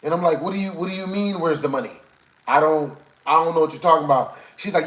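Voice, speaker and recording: A man tells a long, rambling story to his live chat, leaning on slang and repeating the same filler phrases. His voice sits a little high. The room around him sounds echoey. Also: quick pace, fairly bright tone. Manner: rambling, repeats "you know what I'm saying". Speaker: streamer.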